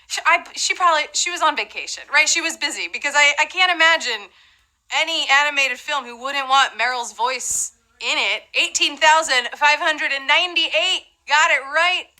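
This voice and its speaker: A woman's voice: high-pitched, bright, forceful tone, low-quality recording. A woman hosting a live trivia game show, chatty and playful, with asides to the players.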